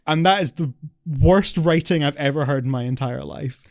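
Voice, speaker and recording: A man's voice: a little high, normal speed, dry recording, clean studio sound. Ranting man reviewing a film. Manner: animated ranting, exasperated. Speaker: podcast co-host. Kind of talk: casual film review chat.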